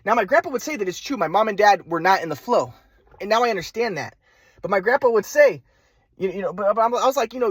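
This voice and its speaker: A man's voice: sits high, lively intonation, fast, breathy edge, no room sound. A young man telling a personal story in a rambling way, full of restarts and repeated words.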